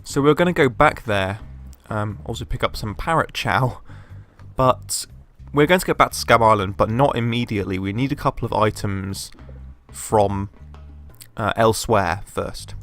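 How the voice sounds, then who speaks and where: A man's voice: fairly low pitch, normal speed, fairly bright tone, soft background music. A man casually commenting on a video game as he plays, chatty and full of fillers. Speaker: let's play host.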